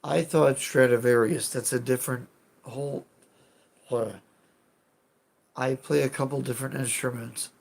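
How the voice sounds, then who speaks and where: A man's voice: medium pitch, fairly even intonation, measured pace, gravelly, long pauses. A man casually chatting with his live chat as a streamer, rambling, self-deprecating and swearing now and then.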